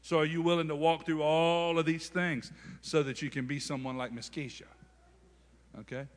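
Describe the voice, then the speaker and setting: Male pastor, high bright voice, church hall reverb. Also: little pitch movement, moderate pace. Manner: preaching with call-and-response. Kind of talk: sermon.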